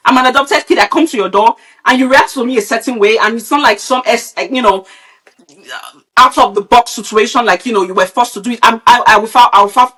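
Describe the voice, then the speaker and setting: A woman's voice: on the high side, fairly bright tone. Blunt, fiery woman ranting. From Nigeria. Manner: blunt, profane, heated ranting. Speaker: podcast co-host. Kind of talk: opinionated casual chat.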